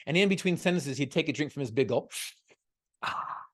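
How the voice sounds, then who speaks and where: A man's voice: fairly high pitch, fast talker. A man giving a motivational talk over a video call, telling a story and firing off repeated rhetorical questions. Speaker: motivational speaker guest.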